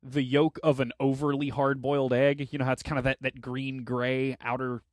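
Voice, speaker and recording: A man's voice: mid-range voice, level tone, moderate pace, no echo, studio quality. A man co-hosting a comedy podcast, trading sardonic jokes and telling stories. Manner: sardonic, riffs with mock-panicked voices. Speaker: podcast co-host. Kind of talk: casual comedic banter.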